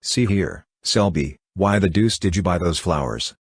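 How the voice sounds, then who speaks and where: A brusque young art student who teases his friend bluntly, read by a man. The voice is deep and husky, and the sound is dry and close. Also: a little slow, no echo, exaggerated voice. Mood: gruff.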